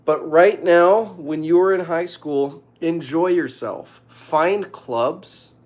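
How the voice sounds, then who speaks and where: A young man casually reading out viewer questions and giving joking, deadpan advice. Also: fairly high pitch, takes it slowly. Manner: reads questions aloud, jokey deadpan answers. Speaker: streamer answering viewer questions.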